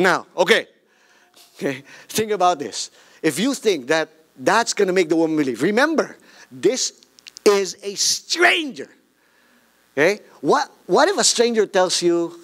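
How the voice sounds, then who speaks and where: A man with a Filipino accent preaching a sermon, animated, mixing English and Tagalog with jokey asides. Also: sits high, measured pace.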